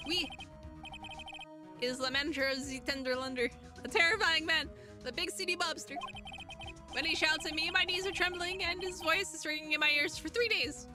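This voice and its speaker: A woman's voice: high-pitched, normal speed, over music, close to an everyday voice. A woman voicing a fretful man in debt, a French chef, with an exaggerated fake French accent and a theatrical, self-pitying manner. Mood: fearful. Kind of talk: reading game dialogue aloud.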